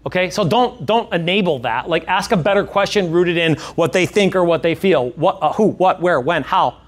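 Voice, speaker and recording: A man's voice: high-pitched, animated, moderate pace. A man coaching a sales workshop in a training room, speaking energetically and emphatically and repeating key phrases. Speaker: real estate sales coach.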